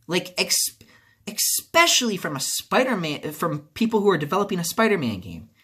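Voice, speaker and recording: A man's voice: sits high, sing-song, moderate pace, bright, forceful tone, slightly rough. A man ranting about a video game as a video creator, angry and profane, repeating himself as he vents. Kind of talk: video game commentary rant.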